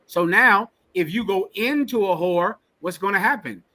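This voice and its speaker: Man, scripture class teacher, blunt emphatic preaching, repetitive, high-pitched, bright forceful tone. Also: normal speed. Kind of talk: preaching Bible commentary.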